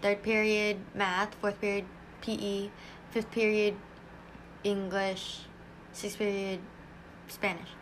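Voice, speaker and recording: A teenage girl co-hosting a casual podcast, chatty and quick to jump in. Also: medium pitch, level tone, slight background noise. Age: teens. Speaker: podcast co-host. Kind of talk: casual chat.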